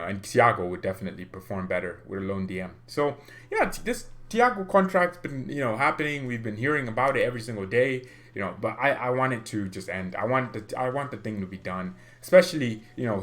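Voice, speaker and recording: A young man hosting a fan channel, talking in a casual, excitable and rambling way with quick laughs. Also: fairly low pitch. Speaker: football fan channel host. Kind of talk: casual opinion vlog.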